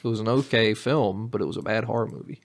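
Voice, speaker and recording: A man's voice: on the low side, fast, vocal fry. A man co-hosting a podcast, chatting casually about films in a wry, joking and opinionated way. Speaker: podcast co-host. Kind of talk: casual film review chat.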